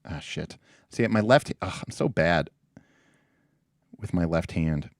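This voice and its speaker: A man's voice: low voice, takes it slowly, dry recording, clean studio sound. A man hosting a livestream in casual, rambling chat with a self-deprecating, jokey manner. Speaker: livestream host.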